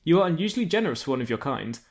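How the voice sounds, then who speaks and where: A man voices a haughty fairy queen, aloof and scornful. Her lines come a little higher than the reader's own talk. Her tone is lofty and regal. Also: very animated, rapid-fire.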